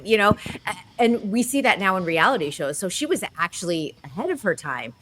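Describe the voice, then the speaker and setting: Animated woman telling showbiz stories. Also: medium pitch, a little fast, slight background noise. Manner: animated storyteller, filling with "like". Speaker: co-host. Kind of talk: casual chat.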